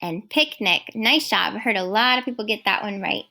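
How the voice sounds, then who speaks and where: A woman teaching a recorded first grade phonics lesson, speaking clearly and praising often. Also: mid-range voice, expressive, sharp tone. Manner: slow, clear, encouraging teacher talk.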